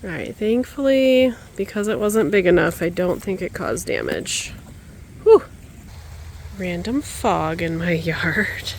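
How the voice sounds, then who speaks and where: A woman homesteader filming a casual vlog outdoors in her yard and garden on a handheld camera. She talks chattily, coos to her birds in a high coaxing voice, and lets out dismayed exclamations. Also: sing-song, slow, creaky, a little hiss or hum.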